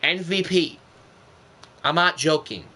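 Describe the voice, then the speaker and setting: A man's voice: fairly high pitch, slow pace, bright, forceful tone. A young man streaming a football video game, giving casual gameplay commentary in an exasperated, ranting way.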